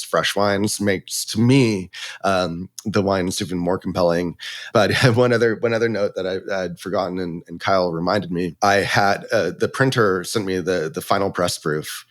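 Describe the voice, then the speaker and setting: Man, winery owner, casual and animated storyteller, slightly low voice. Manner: animated, acts out quotes with laughs.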